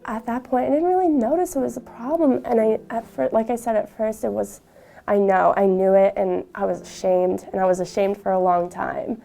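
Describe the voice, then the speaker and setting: A young woman, a university student, telling her personal story in an interview, halting, with frequent fillers and restarts. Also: medium pitch, steady tone, vocal fry, dark tone.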